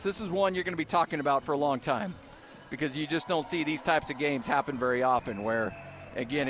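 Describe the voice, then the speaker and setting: A man with a fairly high voice calls a postgame radio show from the arena booth. He moves from excited wrap-up to a steady, filler-laced run through the box score. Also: slight background noise. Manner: excited, then thoughtful stat recap with fillers. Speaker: radio sports broadcaster.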